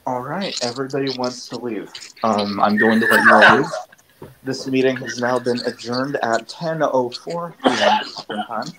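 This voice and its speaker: A man's voice: mid-range voice, normal speed, very noisy. A man chairing an online meeting, talking informally and rambling a little, heard over a video call.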